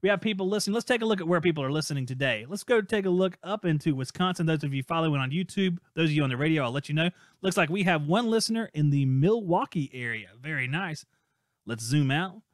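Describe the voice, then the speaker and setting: A man's voice: on the high side, animated, fast, dry recording, studio quality. Upbeat man hosting a trades podcast. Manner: playful, reads out listener messages and teases guesses. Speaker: podcast host. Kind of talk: casual live-stream podcast chat.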